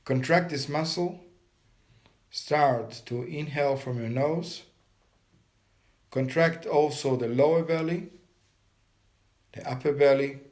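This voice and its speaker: A man leading a guided meditation, giving calm step-by-step breathing instructions. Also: a little high, takes it slowly, pauses often.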